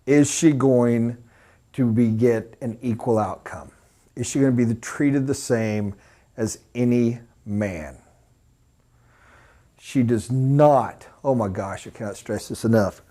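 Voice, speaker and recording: A man giving a live sales training talk, emphatic and animated, acting out little scenes. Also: mid-range voice, slow. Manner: animated, emphatic, mock voices for examples.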